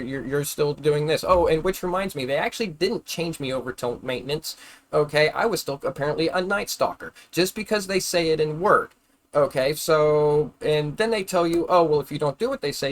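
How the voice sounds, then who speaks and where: A man ranting angrily on a live stream, swearing constantly and repeating himself as he gets heated. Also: on the high side. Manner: heated, profane, repetitive, grows louder when angry. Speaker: livestreamer. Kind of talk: angry live-stream rant.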